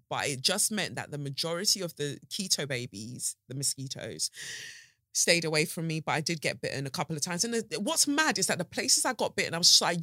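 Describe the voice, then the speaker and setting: A young woman hosting her own podcast in rambling, animated, slangy casual chat. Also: fairly low pitch, no echo, clean studio sound. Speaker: podcast host. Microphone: studio podcast mic.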